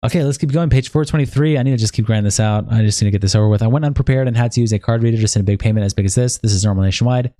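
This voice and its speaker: A man's voice: medium pitch, racing, hardly any pauses, dark tone, no echo, clean studio sound. A young man livestreaming, reading a long document aloud in a casual, profane, sleepy way with bursts of hype. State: sleepy, yawning. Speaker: streamer.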